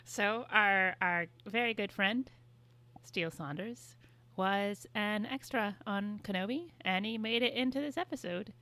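A woman's voice: medium pitch, unhurried, fairly bright tone, no room sound. A woman co-hosting a podcast, telling stories in casual chat with wry swearing. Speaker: podcast co-host.

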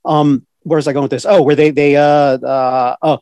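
A man co-hosting a casual podcast chat, excitable and full of stumbling restarts. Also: fairly high pitch, normal speed, smooth, dry recording. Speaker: podcast co-host.

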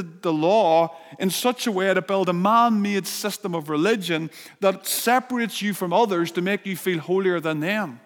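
Jesus, crying out, as a preacher voices him. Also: male voice, high voice, lightly acted. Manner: impassioned, pleading. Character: Jesus, a man crying out with loving urgency. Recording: long hall reverb.

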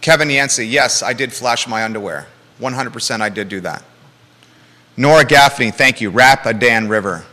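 A man's voice: medium pitch, normal speed, sharp tone, long reverb tail. A man hosting a live local talk show, blunt and emphatic, with joking asides.

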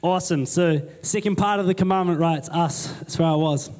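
A man's voice: a little high, a little fast, darkish tone. A young man preaching a sermon in a conversational way, asking the congregation rhetorical questions and ending remarks with "eh?". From New Zealand. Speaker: pastor.

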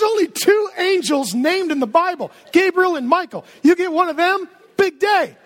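High-voiced, animated male pastor. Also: normal speed, hardly any pauses, some chatter behind, a little hiss or hum. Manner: animated, humorous, conversational. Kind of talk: sermon.

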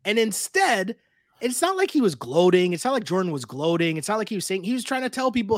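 A man co-hosting a recap show, worked up and emphatic as he rants. His voice sits fairly high and leaps all over the place. The sound is dry and close. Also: sing-song, quick pace, no room sound. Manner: fired up, emphatic ranting. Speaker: podcast co-host. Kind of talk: casual recap chat.

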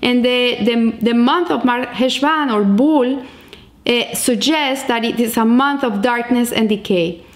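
Higher-voiced woman giving a spoken lesson. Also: a little slow, echoey room. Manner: explanatory, storytelling, with repeated restarts. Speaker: Jewish teacher. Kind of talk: spoken teaching on the Hebrew calendar.

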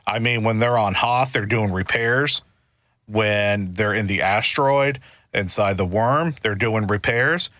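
A man talks through his ideas in a relaxed discussion, circling back and restarting as he builds each point. His voice is bright and forceful, and it sounds dry and close to the mic. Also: on the low side, dry recording. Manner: earnest, explains at length with many restarts. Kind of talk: casual discussion.

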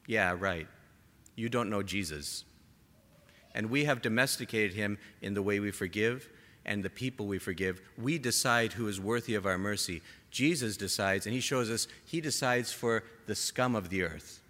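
A man preaching a sermon to a gathered congregation, impassioned, rising to emphatic peaks and dropping to soft, quiet lines. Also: lowish voice, moderate pace. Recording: long hall reverb.

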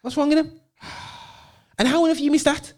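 A man co-hosting a show, arguing excitedly about football in casual banter. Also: very high voice, normal speed. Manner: excitable, argumentative, stammering restarts. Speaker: co-host.

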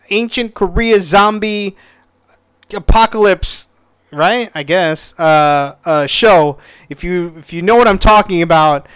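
A man's voice: sits high, fairly bright tone, clear, resonant tone, dry recording, clean studio sound. A man hosting his own podcast, rambling casually with lots of profanity, stumbling over words and getting exasperated. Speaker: podcast host. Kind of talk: casual solo podcast review.

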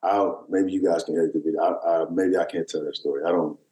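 A man's voice: sits low, fairly even intonation, quick pace, dark tone, echoey room, rough recording. A man in his thirties, a basketball player telling a long, meandering story with lots of fillers and restarts, as a guest on an interview show. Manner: rambling, filler-heavy storytelling with many restarts. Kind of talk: casual storytelling.

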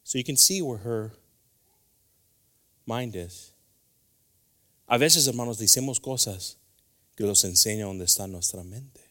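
A middle-aged man preaching a sermon in church, animated and switching between English and Spanish, acting out dialogue as he goes. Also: fairly low pitch, a little slow, pauses often. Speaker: pastor. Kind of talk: bilingual sermon. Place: church sanctuary.

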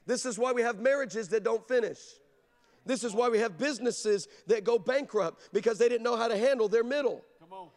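A man's voice: very high voice, brisk. A male pastor preaching an emphatic sermon, telling stories with humor. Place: large church. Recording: long hall reverb.

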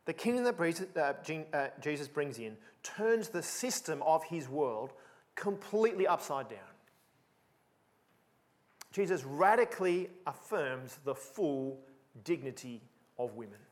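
Emphatic, lively male preacher. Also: fairly high pitch, unhurried. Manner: emphatic, animated, repeats for emphasis. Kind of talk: sermon.

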